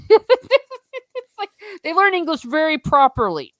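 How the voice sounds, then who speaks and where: A woman from the United States hosting a casual livestream book chat, talking in a chatty, animated way and reading viewer comments aloud. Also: high-pitched, takes it slowly, dry recording. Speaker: host.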